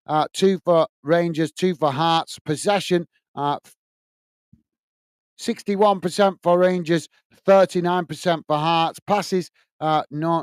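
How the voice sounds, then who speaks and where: A slightly high male voice with a clean tone, no echo, and clean studio sound. He hosts a live football watch-along, chatting with viewers, reading their comments aloud, and calling them guys and mate.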